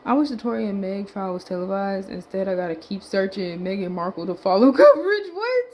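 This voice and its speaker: A woman's voice: mid-range voice, animated, brisk, darkish tone, rough recording. A woman reading tweets aloud in a vlog and reacting between them, with loose asides, swearing and trailing thoughts, a little winded. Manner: laid-back, muttering asides and swear words, trailing off. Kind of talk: casual commentary reading tweets.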